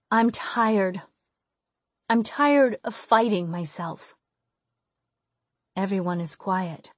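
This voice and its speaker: A woman reading a first-person audiobook, measured in her narration and emotional in the dialogue, on a close studio mic. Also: mid-range voice, a little mellow, no echo.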